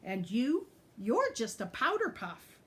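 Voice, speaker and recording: A woman voicing a loud, sneering male bully goat in a picture-book reading, with slow, growled taunts. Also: on the high side, wildly swooping pitch, voice pushed up, exaggerated voice. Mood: jeering.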